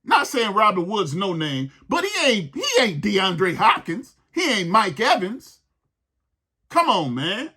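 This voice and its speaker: A man rants about his team with heated exasperation, hammering the same lines again and again. His voice sits high and swings widely in pitch. It has a bright, husky edge. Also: big pitch swings, slow pace. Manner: heated, exasperated ranting with repeated phrases. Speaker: sports podcast host. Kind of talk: ranting sports commentary.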